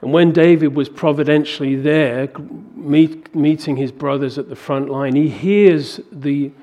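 A man preaching a sermon to a congregation, animated and acting out biblical dialogue in a raised voice. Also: a little high, unhurried. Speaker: pastor.

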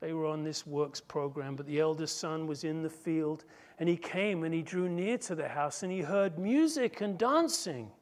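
Male pastor, sermon, high voice, dramatic, emphatic. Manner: slow, emphatic, dramatic storytelling.

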